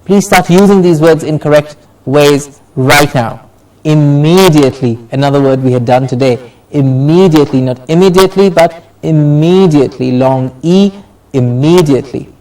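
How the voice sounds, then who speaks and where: A man teaching a pronunciation lesson, slowly repeating words and exaggerating the stressed syllables. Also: fairly high pitch, darkish tone, far from the mic, poor audio.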